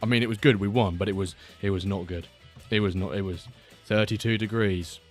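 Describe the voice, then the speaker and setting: Man, casual streamer chat, rambling, lowish voice, faint guitar music behind. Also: fairly even intonation, brisk, hardly any pauses. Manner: rambling, chatty, reads out viewer messages. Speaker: streamer hosting a watchalong. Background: faint background music.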